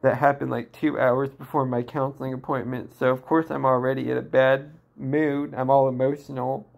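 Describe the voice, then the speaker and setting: Downcast, halting man in his twenties. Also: mid-range voice, little pitch movement, vocal fry. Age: 20s. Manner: halting, full of restarts and fillers, downcast. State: emotionally distressed. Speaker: vlogger. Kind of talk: personal venting monologue.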